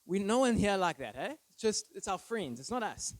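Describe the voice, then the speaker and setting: A pastor preaching an earnest, emphatic sermon full of rhetorical questions. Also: male voice, high-pitched, very animated, a little fast, no room sound, poor audio. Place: church.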